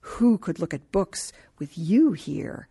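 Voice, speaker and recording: Brief: quiet, curious adult woman, gentle and a bit shy, read plainly by the woman narrator. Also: lowish voice, lively intonation, takes it slowly, gravelly, slightly rough, heavily acted.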